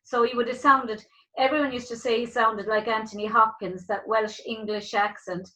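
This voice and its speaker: A woman hosting a casual chat-show interview. Her voice is fairly high and very bright and clear. She keeps things friendly and chips in with teasing remarks. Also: fairly even intonation, normal speed, rough recording. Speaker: talk show host.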